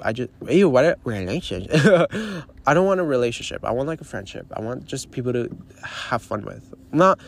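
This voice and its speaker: A young man hosting his podcast in casual solo chat, rambling with many fillers and giggling, talking outdoors on the water. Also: mid-range voice. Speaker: podcast host.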